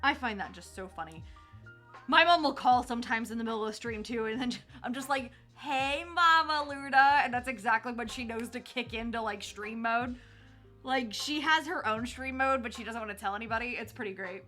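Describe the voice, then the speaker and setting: A woman's voice: a little high, a little fast, fairly bright tone, soft background music. A young woman chatting to her viewers on a live stream, bubbly and gushing, laughing often.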